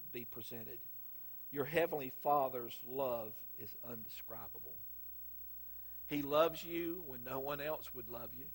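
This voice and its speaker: A man's voice: mid-range voice, husky. A middle-aged man with a Southern US accent preaching a sermon, telling folksy stories with sudden emphatic bursts. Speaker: pastor.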